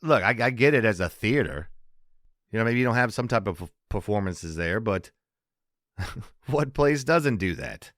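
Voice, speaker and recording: A man's voice: lowish voice, lively intonation, normal speed, long pauses, a bit bright, no room sound, studio quality. A man hosting a casual comedy podcast monologue, rambling, restarting sentences and laughing at his own jokes. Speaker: podcast host.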